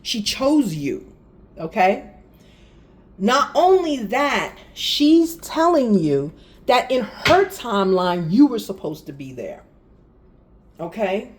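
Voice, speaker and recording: A woman gives a casual spiritual reading, talking directly to her viewers in an unhurried way. Her pitch rises and falls widely as she laughs and makes exasperated asides. A faint hiss sits under the voice. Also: very animated. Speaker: tarot reader.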